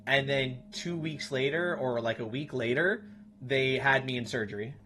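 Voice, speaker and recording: A man's voice: medium pitch, normal speed, pushed and bright. A man in his thirties chatting casually with his stream viewers in a blunt, profane way. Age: 30s. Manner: blunt, profane, talks to chat. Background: music.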